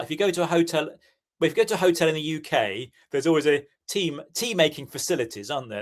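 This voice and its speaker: A man, chatting as a podcast co-host in an easygoing, agreeable way. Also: medium pitch. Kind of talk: casual chat.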